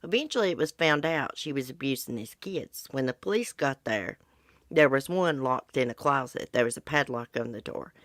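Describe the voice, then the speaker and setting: A congested middle-aged woman hosts a casual livestream, chatting bluntly with live viewers about true crime. Her voice is very deep and expressive at a moderate pace, in clean studio sound with no room ambience.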